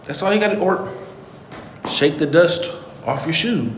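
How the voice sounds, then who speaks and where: A man's voice: on the high side, expressive, unhurried, a little hiss or hum. Indignant man in an echoey room. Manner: earnest, indignant, repeats his points. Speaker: channel host. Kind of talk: commentary monologue on a played clip.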